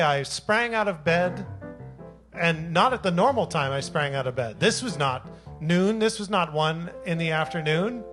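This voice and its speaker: A man's voice: fairly high pitch, fairly bright tone. A man, a singer-songwriter, chatting between songs at a live show in a rambling, self-deprecating joking way, into a stage microphone. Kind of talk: between-song stage banter. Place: live music venue.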